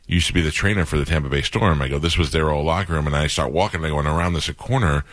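A man's voice: very deep voice, very fast, a bit bright, no echo, clean studio sound. A man hosting a radio show, telling rambling stories and acting out the people in them. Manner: rambling anecdotes, acting out quoted voices. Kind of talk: casual radio chat, storytelling.

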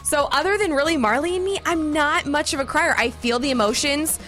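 Female co-host, high and bright, teasing and chatty, faint music behind. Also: fairly quick. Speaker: radio co-host. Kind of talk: casual morning radio chat. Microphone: studio microphone.

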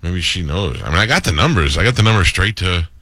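A man hosting a radio show, teasing his co-hosts in casual banter with quick comebacks. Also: low voice, expressive, pushed and bright, dry recording.

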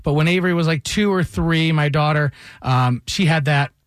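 A man with a somewhat raised pitch tells animated anecdotes as a morning radio co-host. The sound is close and dry on a studio microphone. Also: moderate pace, no echo. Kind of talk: casual morning radio chat.

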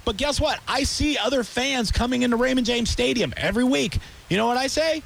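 A man's voice: extremely high pitch, brisk, vocal fry, a bit bright, slight background noise. A man hosting a sports talk show, ranting heatedly about rival fans. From Tampa area. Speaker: radio show host.

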